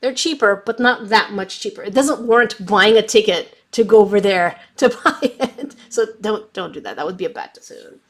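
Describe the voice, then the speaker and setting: A woman's voice: medium pitch, moderate pace, few pauses. A young adult woman casually chatting on a craft livestream, reading viewer comments while testing markers, with a slight cough from bronchitis. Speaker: craft YouTuber reading live chat.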